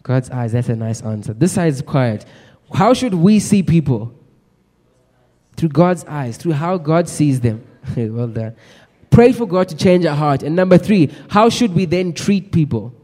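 A man delivers a sermon with earnest, exhorting energy, calling out questions to the congregation. His voice is mellow and fairly high for a man, and it rings through a church hall with a long reverb. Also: very animated, measured pace. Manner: earnest, exhorting, addresses the crowd directly. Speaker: preacher. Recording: echoey hall.

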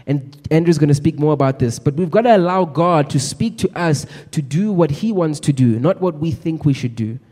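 A man's voice: on the high side, expressive, normal speed, hardly any pauses, dark tone. Man preaching in an echoey hall. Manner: earnest, exhorting, addresses the crowd directly. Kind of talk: sermon. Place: church hall.

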